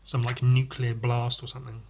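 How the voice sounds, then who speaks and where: A man's voice: medium pitch, monotone, moderate pace, darkish tone, slight background noise. A man hosting a casual podcast, rambling and swearing as he pages through comics and reacts to the art. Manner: profane, rambling, enthusiastic. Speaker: podcast host reviewing comics. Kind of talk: casual chat.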